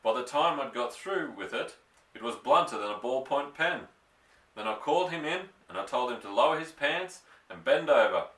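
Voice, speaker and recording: Brief: fiery little old country doctor, indignant and excitable, bright tense voice, read by a man, echoey room off-mic. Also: normal speed, far from the mic. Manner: indignant, excitable, raised higher voice. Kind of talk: storybook reading aloud.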